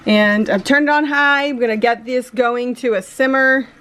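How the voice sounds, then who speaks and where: A woman's voice: a little high, steady tone, normal speed, a bit bright. A woman talking through her cooking in a home kitchen in a casual, matter-of-fact way. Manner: matter-of-fact, explains as she cooks. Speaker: host's wife, co-host.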